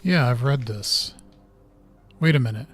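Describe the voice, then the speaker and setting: A man talks his way through a horror video game in casual let's-play commentary. He thinks aloud, mutters to himself and reads in-game notes as he goes, pausing and restarting his thoughts. His voice sits at an ordinary middle pitch for a man.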